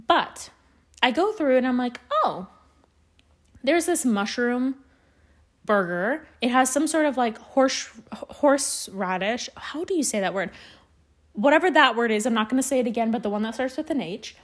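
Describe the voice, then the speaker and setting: A woman's voice: fairly high pitch, animated, moderate pace, pauses often. A young woman from Canada telling rambling stories on her solo podcast, swearing often and poking fun at herself. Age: young adult. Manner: rambling, swears a lot, self-deprecating. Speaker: podcast host. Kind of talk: casual solo podcast storytelling.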